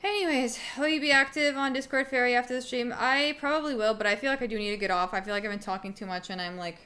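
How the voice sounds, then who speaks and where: A woman's voice: on the high side, fast talker, sharp tone. Rambling young woman streamer, swearing freely. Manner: rambling, filler-heavy, swears casually. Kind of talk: casual livestream chat answering viewers.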